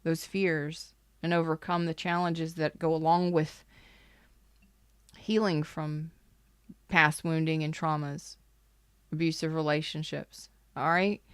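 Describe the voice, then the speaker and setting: A woman with a lowish, smooth voice gives a casual live tarot reading. She talks bluntly and with emphasis, swearing freely, and the sound is close and dry. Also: little pitch movement, takes it slowly, long pauses, dry recording. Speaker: tarot reader.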